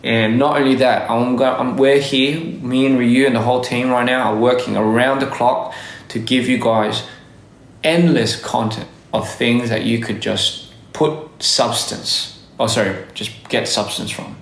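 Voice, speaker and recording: A man's voice: mid-range voice, steady tone, measured pace. A man chatting loosely on a phone livestream, rambling and restarting often. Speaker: livestream host. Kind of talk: casual livestream chat. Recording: roomy echo.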